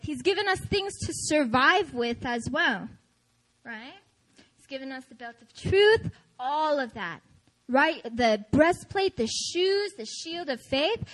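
Woman pastor, high bright voice, lively storytelling sermon with frequent laughs. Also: rough recording. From United States. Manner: animated, chatty, frequent laughter.

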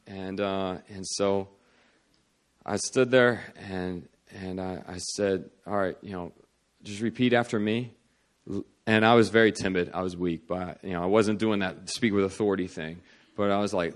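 A man preaching, telling a testimony story with laughter, moving from hushed quoted prayers to loud excited outbursts. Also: lowish voice, normal speed.

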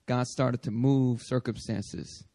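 A male pastor preaching a sermon, telling a personal story in an animated way and acting out his own prayers. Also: medium pitch, slow pace, no echo.

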